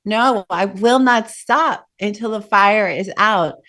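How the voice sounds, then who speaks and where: A woman's voice: mid-range voice, takes it slowly, a bit bright. A woman voicing a small, exhausted male parrot, resolute and defiant. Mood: determined.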